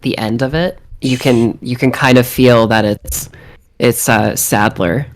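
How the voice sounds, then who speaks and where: Chatty lady on stream, slow and rambly, laughs a lot. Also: rumbling low. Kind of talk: casual chat.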